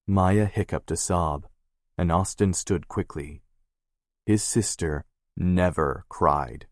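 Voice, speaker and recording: A man reading a romance novel aloud as the narrator, in a steady, measured way. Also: low-pitched, no room sound, studio quality. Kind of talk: scripted audiobook narration.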